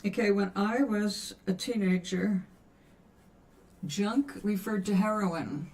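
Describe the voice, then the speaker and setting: An older woman paints on a livestream, chatting casually, musing aloud, and answering viewers' questions. Her mid-range voice is slow and a little mellow.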